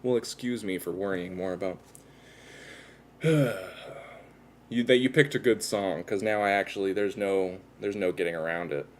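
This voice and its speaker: A man's voice: deep voice, unhurried, long pauses, slight background noise. A man chatting casually with his viewers on a livestream, rambling and self-deprecating as he talks while tattooing himself.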